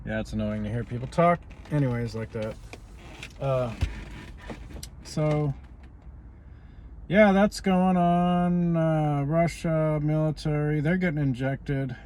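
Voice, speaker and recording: A man's voice: on the high side, a little slow, darkish tone, a little hiss or hum. A man vlogging in a rambling, casual way, stopping often on "you know" as he drifts from politics to personal life.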